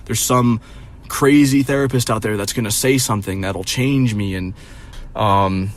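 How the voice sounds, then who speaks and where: A man's voice: on the low side, unhurried. Rambling, profane young man. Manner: profane, rambling, with many fillers; incredulous and mocking. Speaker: streamer. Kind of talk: casual storytelling rant.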